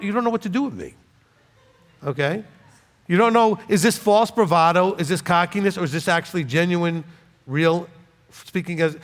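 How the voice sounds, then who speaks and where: A man's voice: on the high side, fairly bright tone, big-room sound. A man, a rabbi, giving an informal sermon in a blunt, conversational way, often checking in with "okay?" and joking as he goes. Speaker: rabbi teaching scripture.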